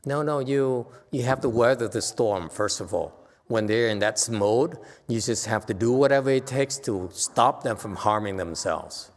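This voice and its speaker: Speaking to his class in a temple hall, this meditation teacher delivers a Dharma talk in a mid-range voice at a moderate pace. He starts earnestly and grows more emphatic and lively, laughing at times, while long hall reverb trails his words.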